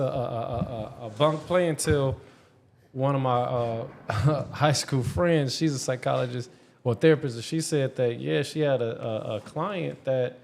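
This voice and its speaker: Male co-host, mid-pitched voice, stumbles and restarts as he builds a question. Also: creaky, a little mellow. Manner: halting, stammering restarts. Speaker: podcast co-host. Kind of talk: casual chat.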